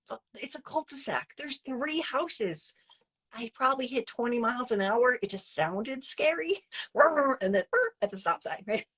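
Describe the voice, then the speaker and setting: Husky woman telling her story. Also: on the high side. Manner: chatty and animated, many fillers and restarts, acting out her own past lines. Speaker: interview guest. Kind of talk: personal storytelling in an interview.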